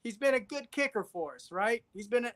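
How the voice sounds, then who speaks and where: A man's voice: very high voice, expressive, fairly quick, a bit bright. A man co-hosting a casual sports podcast, who speaks emphatically and often repeats his points. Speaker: podcast co-host.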